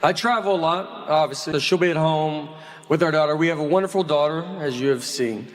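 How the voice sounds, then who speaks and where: A man's voice: a little high, brisk. A man doing stand-up comedy with a rambling, self-deprecating delivery. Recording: noisy live recording with crowd.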